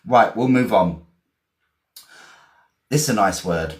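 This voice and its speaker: A man from England with an English accent, teaching vocabulary in a chatty, encouraging way, repeating and spelling words slowly. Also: on the low side, animated, echoey room. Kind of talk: live-streamed vocabulary lesson.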